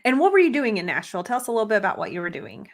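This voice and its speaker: A woman's voice: fairly high pitch, very animated, racing. A woman hosting an interview, asking long, encouraging questions in a casual way. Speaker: interview host.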